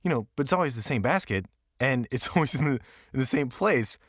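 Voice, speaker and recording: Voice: mid-range voice, expressive, brisk, no echo, studio quality, natural voice. A voice actor playing a young pet dog that teases its owner in an ad. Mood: amused teasing. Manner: chatty, amused, teasing. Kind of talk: ad voice-over.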